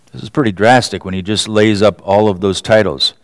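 A man's voice: on the low side, fairly quick, hardly any pauses, dry recording. A man preaching a sermon in a conversational way, often asking rhetorical questions and chuckling. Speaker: pastor.

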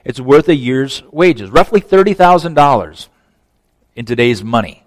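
A man preaching a conversational sermon, swinging from emphatic to hushed. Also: mid-range voice, big pitch swings, normal speed, big-room sound, a little hiss or hum. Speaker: pastor.

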